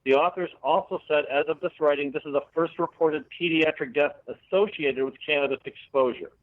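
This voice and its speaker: A man's voice: a little high, brisk, dry recording. A man hosting a radio show who reads news items and quotes, adding sarcastic asides. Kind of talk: reading cannabis news. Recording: dry, tinny phone-like radio audio.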